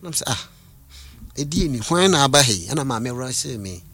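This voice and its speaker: A man recounting visions and a spiritual calling in a casual conversation, with halting restarts and English phrases mixed in. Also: medium pitch, sing-song, a bit bright, breathy edge. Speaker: guest.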